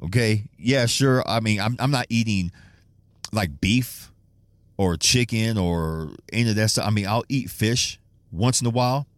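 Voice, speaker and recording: A man's voice: on the low side, moderate pace, no room sound, clean studio sound. A man hosting a casual solo podcast, rambling and swearing, laughing often and restarting his sentences. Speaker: podcast host.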